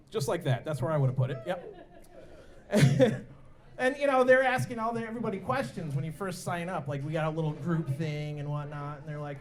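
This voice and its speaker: A man performing a stand-up comedy set at a bar, telling stories and jumping into voices for the people in them. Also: a little fast. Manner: animated, jumps into high-pitched voices for other characters. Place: bar and grill comedy night.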